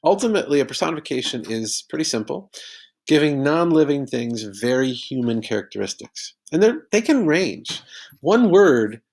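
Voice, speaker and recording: Male teacher, gravelly mid-pitched voice, patient step-by-step explainer for a recorded lesson. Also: sing-song, moderate pace, darkish tone.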